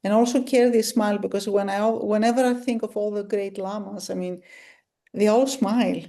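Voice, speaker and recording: A woman's voice: mid-range voice, fairly even intonation, fairly quick, dark tone. Hesitant woman asking her teacher a question. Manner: hesitant, searching for words.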